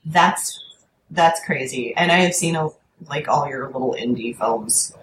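A woman telling an animated anecdote in casual chat, swearing freely and acting out quoted lines in a higher voice. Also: measured pace, reverberant, slight background noise, poor audio. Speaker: storyteller guest.

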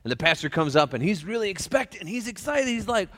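A man's voice: sits high, very animated, fast talker, few pauses, a bit bright, big-room sound. A man preaching a casual, joking sermon to his church. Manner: folksy, joking, acts out voices. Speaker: pastor. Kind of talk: conversational sermon. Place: church sanctuary.

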